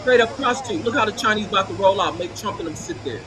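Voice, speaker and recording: A man with a high-pitched voice rants through profane, scornful commentary on a video clip, mocking and laughing as he goes. Clear background noise sits under his voice. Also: expressive, fast. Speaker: vlogger commenting on news footage.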